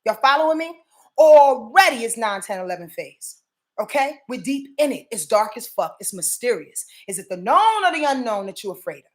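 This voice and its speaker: A woman's voice: fairly high pitch, moderate pace. A woman from Yonkers, New York, giving a casual astrology forecast. She swears freely and keeps checking that viewers are following her. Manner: profane, animated, addresses viewers directly.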